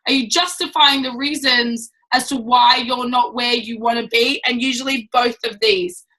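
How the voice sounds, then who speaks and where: A woman's voice: on the high side, fairly even intonation, moderate pace, bright, forceful tone, rough recording. A woman giving a casual, blunt and chatty training talk to a business team. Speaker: network marketing trainer.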